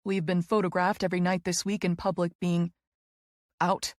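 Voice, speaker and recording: Woman doing a relaxed, smirking man in a storybook; keep it dry and close. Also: lowish voice, normal speed, no room sound, natural voice. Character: calm, teasing adult man, the heroine's lover.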